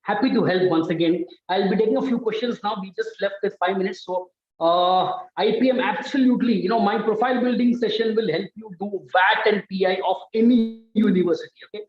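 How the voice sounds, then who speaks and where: A man's voice: high-pitched, fairly quick. An Indian man mentoring students in an online coaching talk, telling stories energetically and calling his listeners guys. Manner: energetic, repetitive, story-driven, addresses audience as guys. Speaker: admissions mentor and lecturer. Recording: echoey, dull webinar audio.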